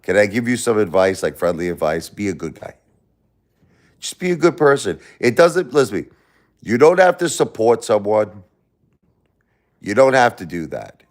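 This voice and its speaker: A man hosting a live stream, angrily lecturing and insulting a chat commenter with lots of profanity, swinging between loud outbursts and low muttering. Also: sing-song, moderate pace, pauses often. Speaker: livestream host reading chat. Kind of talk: livestream rant at a chat commenter.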